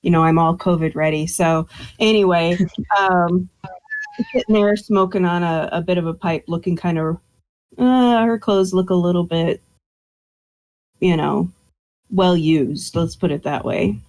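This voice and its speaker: A woman player in a tabletop game, describing her character in a meandering way and correcting herself as she goes. Her voice sits somewhat low. She is heard over an online voice call. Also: measured pace, long pauses, darkish tone, low-quality recording.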